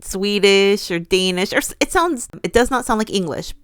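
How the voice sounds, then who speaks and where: A woman's voice: medium pitch, lively intonation, moderate pace, fairly bright tone, smooth, no room sound, clean studio sound. A woman co-hosting a casual chat about a sports team, retelling video clips and laughing often. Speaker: co-host.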